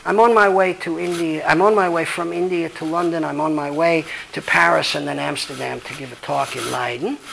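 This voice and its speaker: Law professor, male, high-pitched and blunt, swearing freely, taking audience questions. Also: fairly even intonation, a little fast, vocal fry, few pauses, fairly bright tone, slight background noise, low-quality recording. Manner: emphatic, blunt, profane. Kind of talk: lecture with audience Q&A.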